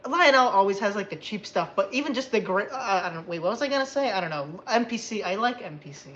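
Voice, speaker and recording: A tired woman hosting a casual livestream, chatty and rambling and quick to get excited. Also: medium pitch, highs cut off, a little hiss or hum. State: tired after a long day. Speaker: livestream host.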